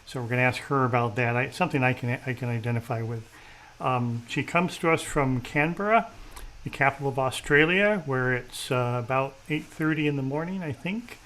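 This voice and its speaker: A man's voice: mid-range voice, fairly quick, fairly bright tone, poor audio. A man hosting a casual interview, chatty and self-deprecating, with many fillers and restarts. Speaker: host. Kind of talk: casual video-call interview.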